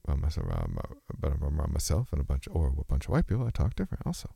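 A man's voice: rumbling low, wildly swooping pitch, racing, vocal fry, warm tone, slightly rough, no room sound, clean studio sound. A man talking in a casual, rambling monologue to camera, musing aloud and often breaking off mid-thought to restart. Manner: rambling, musing, self-interrupting; switches between speech registers.

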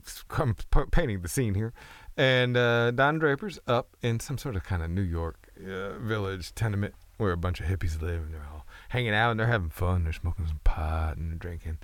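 A man's voice: sits low, normal speed, no room sound. A man hosting a casual chat, telling loose, profane, rambling stories with frequent restarts.

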